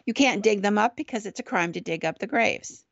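A woman's voice: mid-range voice, brisk, creaky, no echo. A woman podcast host casually telling a ghost story in a chatty, conversational way, on a dull, dry recording.

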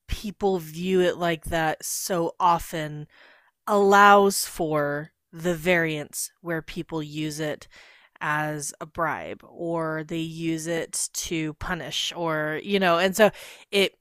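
Low-voiced woman podcast co-host. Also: clean tone, no echo, studio quality. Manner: relaxed, agreeable, short replies. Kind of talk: casual chat.

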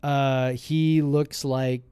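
A man co-hosting a casual podcast, telling a long story in a loose, rambling way and circling back with fillers. His voice sits at a middling pitch. The room sounds dry and close. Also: flat delivery, drawn-out words, mellow, clean tone, no room sound. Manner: rambling storyteller, lots of "like" and restarts. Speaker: podcast co-host. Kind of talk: casual chat. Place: podcast room, shared with co-host.

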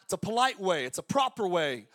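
A man in his forties preaching a sermon as pastor, energetic and conversational, with jokes. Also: high-pitched, fairly quick. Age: 40s.

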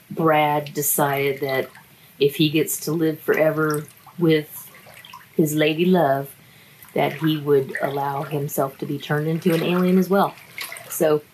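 A woman's voice: low-pitched, a little mellow, a little hiss or hum, rough recording. A woman in a casual, wry book review chat who laughs often between her remarks.

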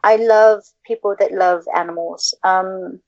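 A woman's voice: medium pitch, fairly even intonation, unhurried, gravelly, darkish tone, dry recording. A woman hosting a casual podcast chat, gushing and effusive, cooing to pets on a video call. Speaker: podcast host. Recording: dull lo-fi dry sound.

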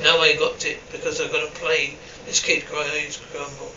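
A man's voice: a little high, little pitch movement, normal speed, few pauses, background noise. A man reading a dramatic story aloud, voicing every character and reading the stage directions between lines. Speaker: narrator reading all parts. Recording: roomy, dull, distant from the mic.

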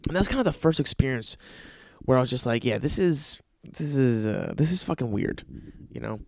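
A young man hosts a podcast, spinning rambling, profane comedic stories. His voice has a gravelly grain at a middle pitch. The recording is dry and close. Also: animated, moderate pace, a little mellow, no echo. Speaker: podcast host. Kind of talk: casual comedic storytelling monologue.

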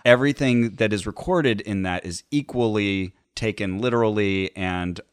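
A man co-hosting a podcast who tells stories in a wry, animated way and laughs often. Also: on the low side, moderate pace, smooth, no room sound, clean studio sound. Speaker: podcast co-host. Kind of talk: casual chat.

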